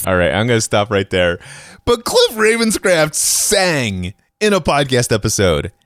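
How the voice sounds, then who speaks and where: A man's voice: mid-range voice, huge pitch swings, a little slow, fairly bright tone, no room sound, studio quality. A man hosting a solo podcast, talking in a bold, confident, conversational way. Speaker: podcast host.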